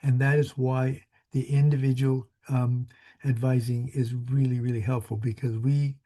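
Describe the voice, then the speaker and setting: A man's voice: medium pitch, little pitch movement, moderate pace, mellow. A man in his sixties, a small business advisor, giving a friendly, rambling webinar presentation with many fillers.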